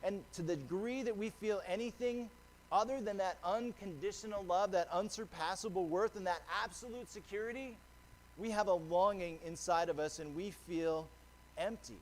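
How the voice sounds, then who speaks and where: A man's voice: sits high, normal speed, a little hiss or hum. A man preaching a sermon as pastor, earnest and conversational, often restarting a phrase. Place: church sanctuary.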